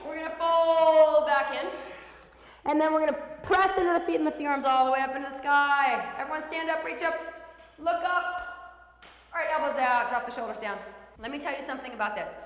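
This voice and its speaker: Playful high-voiced woman teaching kids yoga. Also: a little fast. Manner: encouraging, playful cues with animal sounds. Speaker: yoga instructor for children. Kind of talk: guiding a kids' yoga class. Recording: echoey room with long reverb.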